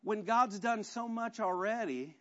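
A man's voice: sits high, unhurried, a bit bright, lo-fi sound. A man preaching a conversational, self-deprecating sermon full of rhetorical questions. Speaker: pastor.

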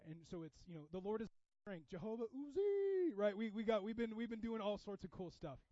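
A male pastor preaching a sermon, moving between hushed, quiet passages and loud, impassioned ones. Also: sits high, fast, no echo, lo-fi sound.

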